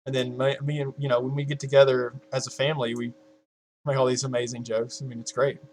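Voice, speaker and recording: A young man in his early twenties talks to his viewers at a home desk mic in a loose, rambling way. He swears constantly, trails off into restarts and breaks into laughs at his own jokes, all in a mid-pitched voice. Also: flat delivery, quick pace, darkish tone, a little hiss or hum. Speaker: YouTuber. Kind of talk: casual chat to viewers.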